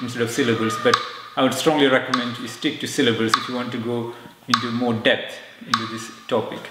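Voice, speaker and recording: A man teaching rhythm, explaining calmly and chanting rhythm syllables in time. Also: medium pitch, heavy background noise. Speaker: music teacher. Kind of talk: rhythm lesson with spoken syllables. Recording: echoey room with clicking metronome.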